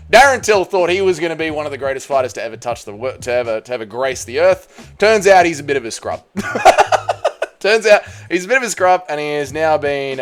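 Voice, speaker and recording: A man hosting his own MMA channel, ranking fighters in a joking, irreverent rant that often trails off and restarts. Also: fairly high pitch. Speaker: MMA commentary host.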